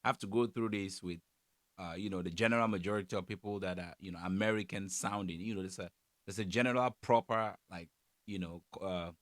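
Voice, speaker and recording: A man's voice: low-pitched, a little fast, no echo, clean studio sound. A man from Cameroon with a Cameroonian English accent, chatting casually as he reacts to a comedy clip. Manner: relaxed, chatty, frequent fillers. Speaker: YouTube reactor.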